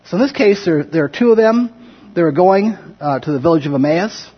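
A man's voice: high-pitched, animated, a little fast, slightly rough, highs cut off. A man leading an informal Bible class, talking conversationally, asking the group questions and acting out scripture quotes in his own words. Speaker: Bible study teacher. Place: classroom or church room with a group.

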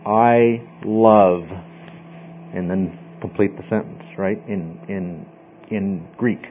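A man's voice: on the low side, slightly rough. A man teaching a Bible study class in a casual, rambling way, often repeating and restarting words. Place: small class room, group in a circle. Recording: dull lo-fi classroom recording.

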